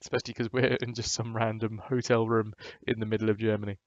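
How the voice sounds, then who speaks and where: A man's voice: fairly low pitch, little pitch movement, fast, no echo, highs cut off. A man chatting casually and rambling on his live stream from a hotel room. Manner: chatty, rambling, laid-back.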